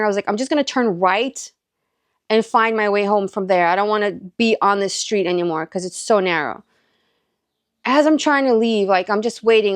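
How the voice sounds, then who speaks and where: Chatting through a personal anecdote peppered with "like" and quoted exchanges, this woman is a Southern California mom and faith-and-encouragement vlogger telling a casual story. Her voice sits mid-range, and the clean studio sound has no echo.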